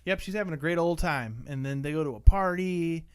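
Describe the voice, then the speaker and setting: A man's voice: on the high side, a little fast, smooth. A man co-hosting a podcast, casually recapping a film's plot in a rambling way and acting out the characters' lines. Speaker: podcast co-host. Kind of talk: casual movie-review chat.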